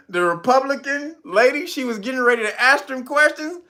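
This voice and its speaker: A man's voice: extremely high pitch, normal speed. A man giving casual comedic commentary, swearing freely and laughing constantly. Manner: profane, laughs constantly, animated.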